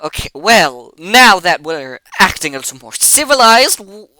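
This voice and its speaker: A pompous little goblin official sputters and stammers with wounded pride, put on by a game master. The voice leaps all over, bright and crisp, recorded close and dry. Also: very animated, moderate pace, no echo, low-quality recording. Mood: nervous. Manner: indignant, stammering, high-strung. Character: pompous, fussy male goblin official, easily flustered.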